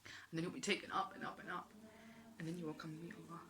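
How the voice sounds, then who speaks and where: A woman's voice: fairly low pitch, little pitch movement, quick pace, background noise. A woman giving an earnest, emotional religious talk, repeating phrases for emphasis. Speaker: Islamic speaker.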